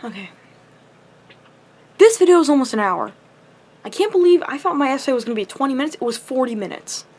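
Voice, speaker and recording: A young woman with a high voice vents to her camera in a long, impassioned rant. She sounds tired and up too late, and her frustration spills out in constant swearing. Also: expressive, fairly quick, pauses often, a little mellow. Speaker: vlogger. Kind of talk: ranting to camera.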